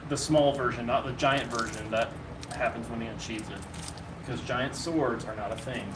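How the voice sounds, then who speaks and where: A man's voice: mid-range voice, steady tone, normal speed, background noise. A man co-hosting a casual live stream from a shop, chiming in with corrections and side comments. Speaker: shop co-host. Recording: roomy shop with a crowd behind.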